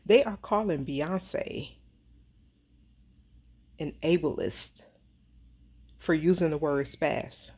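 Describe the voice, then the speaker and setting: Worked-up woman, slightly low voice, venting commentary with emphatic repeats. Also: extremely slow, pauses often, dark tone, husky. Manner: heated, worked up, emphatic repetition. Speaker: social media commentator. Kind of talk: casual commentary monologue.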